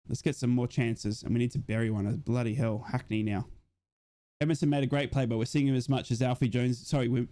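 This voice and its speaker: A young man hosting a live football watch-along, giving excitable, rambling fan commentary, swearing and answering chat comments. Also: mid-range voice.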